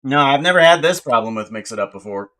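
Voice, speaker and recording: An American man streaming live, rambling to himself in casual chatter as he tries to fix his software. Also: mid-range voice, animated. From United States. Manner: mutters to himself while fixing software, slow and rambling.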